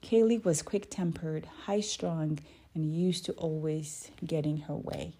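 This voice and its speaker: A woman reading a children's book aloud, careful and gentle, stopping to correct her own slips. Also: deep voice, unhurried, husky. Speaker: reader.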